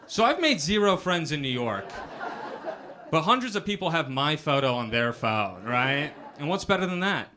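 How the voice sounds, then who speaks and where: This young comedian's voice sits on the high side, with big pitch swings at a normal speed, against a noisy background. Onstage at a comedy club with a live crowd, he delivers self-deprecating jokes and keeps asking "right?" after the punchlines.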